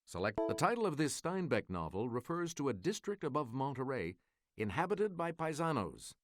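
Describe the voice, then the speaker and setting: A man hosting a quiz game, reading each clue in a crisp, measured announcer style. His pitch moves freely and expressively through every line, sitting at an ordinary middle height for a man. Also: big pitch swings, over loud music. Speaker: quiz show host. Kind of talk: reading quiz clues and answers.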